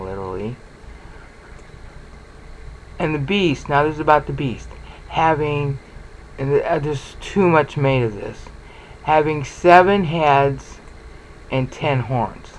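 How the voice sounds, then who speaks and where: A man's voice: a little high, slight background noise, rough recording. A man giving an informal Bible study lecture, talking conversationally and often checking in with "okay?" and "all right?". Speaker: Bible teacher.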